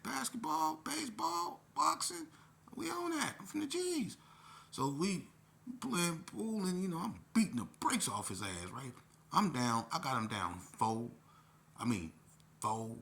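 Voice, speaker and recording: Forceful low-voiced man telling a story. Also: slight background noise. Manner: profane, animated, conversational. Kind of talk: casual storytelling monologue.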